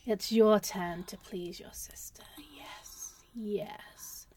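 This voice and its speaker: A woman voicing a seductive, commanding immortal sister in a whispered role-play, speaking in a breathy, teasing whisper. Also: medium pitch, steady tone, extremely slow, a little mellow. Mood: sultry.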